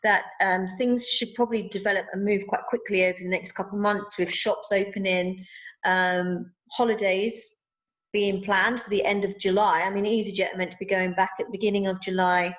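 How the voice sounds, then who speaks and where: A woman's voice: mid-range voice, steady tone, a little fast, a bit bright. A woman co-hosting a vocal group's update, chatting in a playful, silly, self-mocking way over a video call. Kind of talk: casual chat on a video call. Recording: dull lo-fi video call audio.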